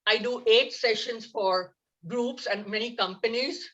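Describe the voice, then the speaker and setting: Female laughter yoga instructor, slightly high, upbeat and coaxing, on a muffled video call. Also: measured pace, a bit bright. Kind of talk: leading an online laughter yoga class.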